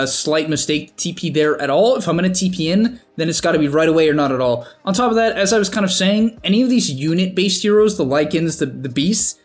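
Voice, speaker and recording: Casual man commentating his own game. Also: a little high. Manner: thinking aloud, self-critical, with frequent restarts and short laughs. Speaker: gameplay commentator.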